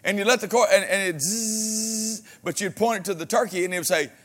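Man, pastor, sermon, high pitch, folksy humor, amens and hallelujahs. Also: rapid-fire. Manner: animated, shifts from loud exhortation to quiet asides; folksy humor, frequent amens and praise interjections.

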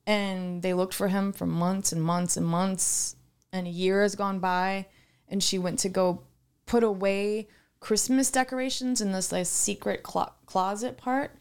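A woman's voice: medium pitch, fairly even intonation, a little slow, clean tone. A woman co-hosting a podcast, chatting casually, gushing and rambling through stories. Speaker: co-host. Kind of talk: casual chat.

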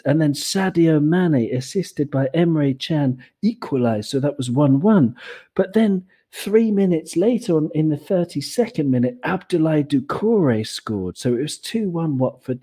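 Husky, mellow-voiced podcast host man. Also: medium pitch. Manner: hesitant, many fillers and restarts. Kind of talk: casual football podcast chat.

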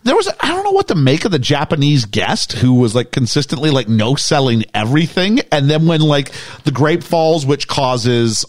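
A man chatting about a film in a loose, joking way, his pitch bouncing around a lot. He rambles with plenty of fillers and asides. The sound is close and dry. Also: big pitch swings, moderate pace, hardly any pauses, no echo. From United Kingdom. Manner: rambling, jokey, many fillers. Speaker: podcast host. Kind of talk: casual movie discussion.

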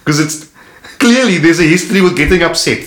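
A man's voice: a little high, brisk, background noise. A male comedian with a South African accent, a guest on a casual podcast, telling stories with slang and frequent laughter. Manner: animated storyteller, laughing often, slangy. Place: host's house. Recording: roomy echo in a home.

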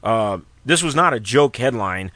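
A man hosts a relaxed radio talk show, his pitch rising and falling a lot as he rambles through stories and jokes. His voice is dry and close, with no room around it. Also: a little slow, dry recording. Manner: rambling, joking storyteller. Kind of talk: casual on-air chat.

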